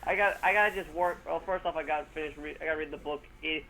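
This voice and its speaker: A man co-hosting a casual sports chat, his voice a touch higher than most. He leans on sarcasm and drifts into loose, rambling asides. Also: fairly even intonation, rapid-fire, bright, forceful tone, slight background noise, rough recording. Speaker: co-host.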